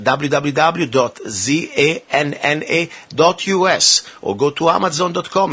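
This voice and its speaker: A man's voice: on the high side, pushed and bright. A male talk radio host interviewing a guest and making earnest, persuasive appeals to his listeners.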